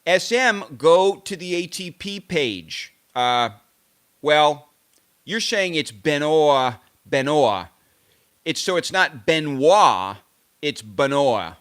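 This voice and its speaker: A man's voice: high-pitched, lively intonation, slow pace, fairly bright tone. A man hosting a tennis live stream, chatting casually to his viewers in a rambling, self-correcting way as he muses aloud. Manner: rambling, self-correcting, musing aloud over name pronunciations.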